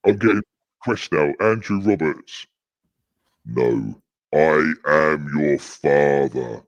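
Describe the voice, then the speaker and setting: Booming ultra-deep voice. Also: male voice, expressive, takes it slowly, no echo, full character voice. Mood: gruff. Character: booming deep-voiced man, gruff and teasing. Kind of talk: online podcast banter. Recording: dull, muffled, dry.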